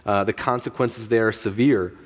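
A man's voice: on the low side, fairly even intonation, normal speed. A married man preaching a sermon, reading scripture and praying, then talking in a loose, joking way with many fillers and restarts. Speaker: pastor. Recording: long reverb of a large hall.

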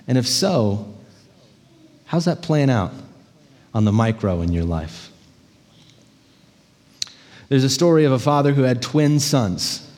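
A man preaching a sermon as pastor, telling stories in an animated way and checking in with the congregation. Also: mid-range voice, long reverb tail. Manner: animated storytelling, frequent "right?" check-ins.

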